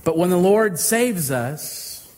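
A male pastor giving a sermon with earnest, drawn-out emphasis. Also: sits high, lively intonation. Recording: reverberant hall with faint ambience.

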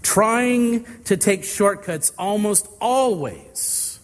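A male pastor preaches in a measured, drawn-out manner, leaning on pauses. His voice sits a little high and moves very slowly. A long reverb trails behind him. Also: lively intonation. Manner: slow, deliberate storytelling with drawn-out phrases. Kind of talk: sermon with illustrative story.

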